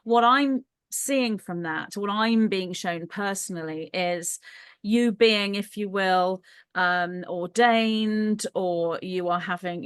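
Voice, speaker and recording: A woman talks eagerly as a guest in an online conversation, often restarting her sentences as she goes. Her voice sits at a middle pitch. The sound is dry and close, with no room around it. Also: fairly bright tone, smooth, no room sound. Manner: enthusiastic, with frequent restarts. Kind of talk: casual chat on a video call.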